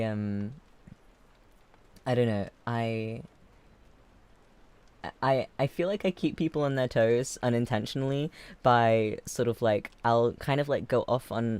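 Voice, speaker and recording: A streamer from England with a mixed English and American accent, chatting casually on a livestream. He talks in a mid-pitched voice, drifts softly into gentle tangents and then jumps up loud when he gets excited. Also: clean tone. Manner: swings from soft and gentle to loud and excitable, laughs often. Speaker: streamer host.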